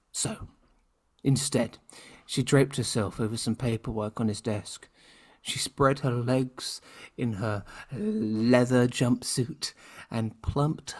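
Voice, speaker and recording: A young man co-hosting a podcast, reading fan fiction aloud and keeps breaking into laughter. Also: medium pitch. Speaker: podcast co-host.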